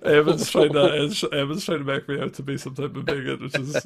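A man's voice: on the high side, flat delivery, brisk, gravelly, breathy edge. A man co-hosting a podcast, crude and joking, sometimes reading old text aloud dramatically. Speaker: podcast co-host. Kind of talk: casual podcast banter.

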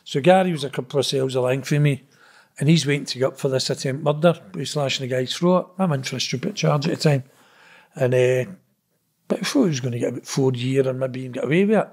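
A man's voice: mid-range voice, quick pace, a little mellow, slightly rough. A middle-aged Glaswegian man telling stories in a blunt, sweary, rambling way, often adding "know what I mean". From Scotland. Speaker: interview guest. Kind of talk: casual storytelling.

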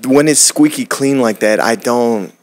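A man's voice: mid-range voice, unhurried, no echo. A man from Detroit, an acting coach, talking bluntly in a casual podcast chat and acting out quotes. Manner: blunt, profane, acts out quotes in voices.

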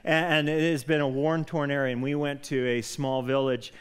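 A man preaching a sermon as a pastor, telling a story with lively, animated delivery that grows loud when he quotes a prayer. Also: medium pitch, normal speed, smooth. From Colorado. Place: church sanctuary.

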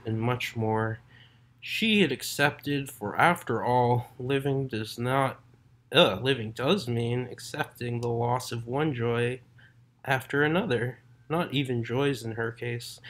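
Man reading a literary story aloud. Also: mid-range voice. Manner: measured, unhurried reading with brief self-corrections. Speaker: narrator.

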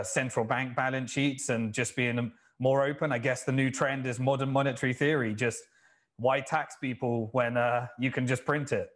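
A man hosts the interview, asking long, measured questions. His voice sits at a middle pitch. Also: a bit bright. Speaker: host.

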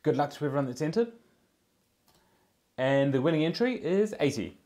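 A man's voice: fairly high pitch, sing-song, normal speed, mellow. A man with a New Zealand accent hosting a live-streamed prize draw. He chats in an easygoing way with viewers in the chat while he works.

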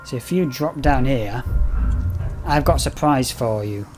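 A man commentating on a horror game, swearing often, coaxing and taunting the enemy, and getting loud when frustrated. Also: medium pitch, lively intonation, measured pace, over music. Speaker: gameplay commentator. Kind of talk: let's play commentary.

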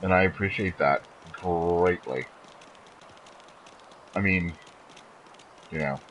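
A man streaming a video game live, chatting loosely with viewers and breaking into sudden excited outbursts and odd noises. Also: low-pitched, slow pace, a little hiss or hum. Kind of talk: casual live-stream chatter while playing.

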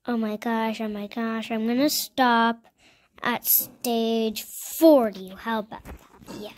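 A female gaming video host giving casual commentary on her gameplay, chatty and playful, repeating words in little chants and often dropping into a soft near-whisper. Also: on the high side, steady tone, slow pace.

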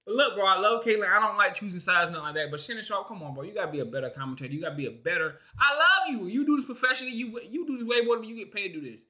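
A man's voice: high-pitched, expressive, racing, hardly any pauses, sharp tone. A young man streaming a reaction to a sports clip, ranting in an exasperated, slangy way. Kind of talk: casual reaction commentary.

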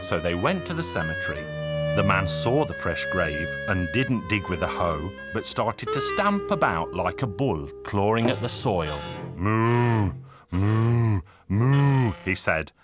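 A man tells a folk tale in a lively, animated storybook manner. His voice sits fairly low but swings widely in pitch. Folk fiddle music plays clearly behind him. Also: normal speed. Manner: lively, voices each figure with raised pitch. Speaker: narrator. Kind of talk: storybook narration.

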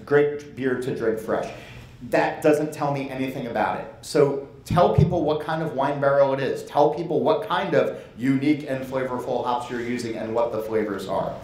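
A male presenter speaks to a conference audience in a mid-pitched voice. He talks bluntly and conversationally, hammering his points with emphasis. The sound is echoey, as in a conference room. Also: normal speed, a little mellow, slight background noise. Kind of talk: conference talk.

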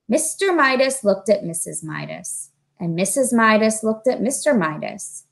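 A woman reading a children's book aloud in a measured, expressive storytelling manner. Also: mid-range voice, creaky. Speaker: reader.

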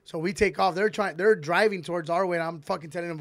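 A man with a fairly high, gravelly voice swears his way through a rambling, animated story. The sound is dry and close, with no room around it. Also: quick pace, dry recording. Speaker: podcast host. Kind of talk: casual storytelling.

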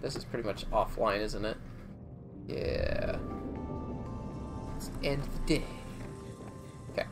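A man giving chatty let's play commentary, talking to himself as he plays, with quick exclamations and bursts of laughter. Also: on the low side, gravelly, over music. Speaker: gaming streamer.

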